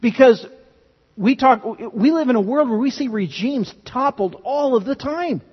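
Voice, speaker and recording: With a very high-pitched, expressive, husky voice at a moderate pace, a male pastor gives an earnest, emphatic sermon and often begins phrases again. The lo-fi recording sounds dull and has long hall reverb.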